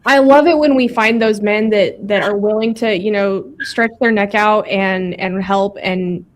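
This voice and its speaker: A woman's voice: medium pitch, steady tone, unhurried. A woman hosting a podcast, reacting to her guest's story with enthusiastic comments. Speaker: podcast host. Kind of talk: casual chat.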